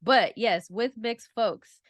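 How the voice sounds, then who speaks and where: A woman's voice: on the high side, slow, no room sound. Emphatic woman on a dry podcast mic. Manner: emphatic, opinionated, counts points off. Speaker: podcast co-host. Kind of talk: casual podcast chat.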